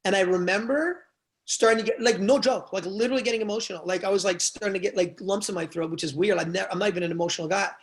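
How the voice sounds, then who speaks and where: A man, a guest on a podcast, telling stories in a casual, animated way, with plenty of swearing. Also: high-pitched, rapid-fire. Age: young adult to middle-aged. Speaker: guest, event promoter.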